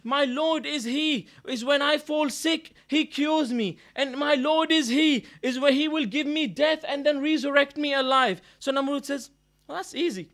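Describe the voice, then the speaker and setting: A man giving a sermon, moving between loud declaiming and quiet storytelling and reciting Arabic verses. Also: very high voice, moderate pace. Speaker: preacher. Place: mosque gathering hall.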